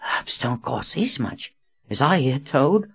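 A man voicing a nervous, poor young boy who stammers and pleads politely, with a husky voice, as an audiobook character. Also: mid-range voice, big pitch swings, slow pace, dry recording, pitched above the performer's own voice, full character voice. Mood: eager.

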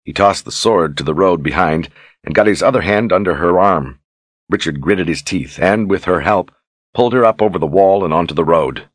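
A man reading a fantasy novel aloud in steady, measured scripted narration. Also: low voice, no echo. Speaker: audiobook narrator.

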